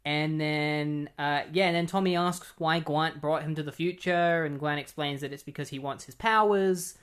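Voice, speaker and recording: A man with a slightly high, a bit bright, clear and resonant voice loosely recaps a comic book plot at normal speed with fairly even intonation. He uses lots of filler words, sounds openly incredulous at the story, and keeps insisting he's not kidding.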